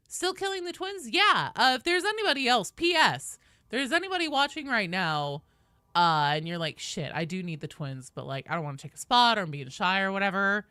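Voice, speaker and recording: A woman's voice: medium pitch, big pitch swings, a little fast, bright, forceful tone, clean tone, no room sound, clean studio sound. A woman streaming a game live, chatting casually and playfully with viewers and swearing freely.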